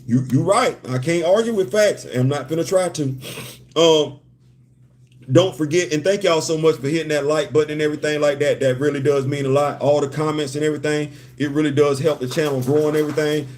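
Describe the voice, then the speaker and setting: A man hosting a laid-back livestream from a hotel room, joking and circling back over his own phrases. His voice sits slightly high. He speaks in easy, conversational chat. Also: fairly even intonation, brisk, darkish tone. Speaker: host.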